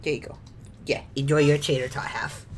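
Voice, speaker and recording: A woman's voice: sits low, fairly even intonation, a little fast, a little hiss or hum. A woman streaming a video game, chatting casually, laughing often, swearing freely and reading game lines aloud. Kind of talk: casual gameplay commentary.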